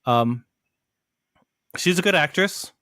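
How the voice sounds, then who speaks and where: A man co-hosts a casual podcast chat, rambling with plenty of fillers and restarts and laughing often. His voice is on the high side, animated, pushed and bright, at a slow pace. The studio sound is clean with no echo.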